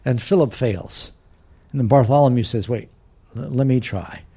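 A man's voice: medium pitch, moderate pace, dark tone, husky. A man preaching a sermon, retelling a Bible story and briefly voicing its characters. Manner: storytelling, voicing biblical characters with varied emphasis.

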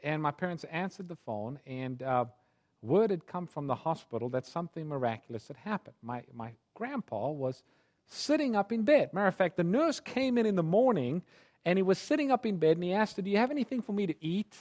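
A man preaching a sermon through a personal story, his delivery swinging from hushed tones to fervent pleading. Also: fairly high pitch, sing-song, brisk.

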